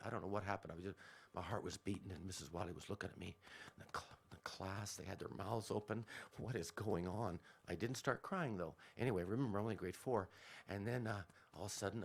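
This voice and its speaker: A man with a low, gravelly voice spins a childhood tale on the radio, wandering off track and circling back with asides. His delivery is loose and conversational, full of self-corrections. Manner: rambling, self-interrupting. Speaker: storyteller. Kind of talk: radio storytelling.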